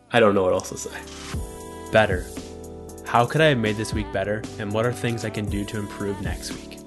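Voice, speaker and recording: Rambling self-critical young man, low voice. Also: normal speed, over music. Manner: rambling, self-critical, frequent swearing and filler words. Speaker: content creator. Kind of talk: casual weekly self-reflection monologue.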